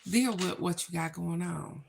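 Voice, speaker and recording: A woman's voice: lowish voice, moderate pace, gravelly, background noise. A woman chatting to her viewers as she draws her daily spiritual cards. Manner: chatty, spiritual, talks to viewers as "y'all" and "baby". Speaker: card reader. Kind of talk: casual daily card reading vlog.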